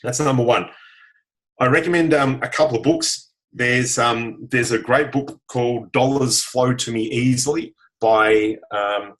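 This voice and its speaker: A man's voice: mid-range voice, a bit bright, poor audio. A man, giving a frank, earnest motivational talk as a guest over a video call. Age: 40s. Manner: earnest, frank, frequent "right?" tags. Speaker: guest self-help speaker.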